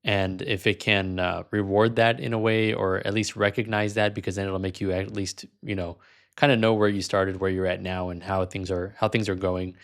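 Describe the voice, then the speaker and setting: A man's voice: sits low, level tone, moderate pace. A man hosting a language-learning video, talking casually and frankly, sometimes amused. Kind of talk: casual vlog commentary.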